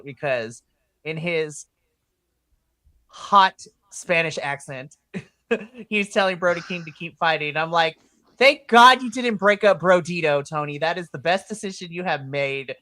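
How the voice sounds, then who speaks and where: A podcast co-host in casual wrestling chat, excitable, laughing often and swearing freely. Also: mid-range voice, dry recording.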